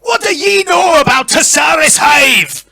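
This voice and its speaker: Brash Scottish nobleman, loud, jovial, bright. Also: very animated, unhurried, vocal fry, no echo, full character voice. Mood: booming. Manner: booming, jovial, shouting. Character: blustering hearty northern lord, loud.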